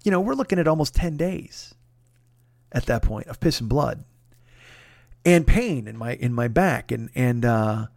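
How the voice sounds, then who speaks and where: Gravelly, profane man telling a story. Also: mid-range voice, expressive, unhurried, pauses often, a little mellow, no room sound, clean studio sound. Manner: profane, rambling, confessional. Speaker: podcast host. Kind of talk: casual monologue storytelling.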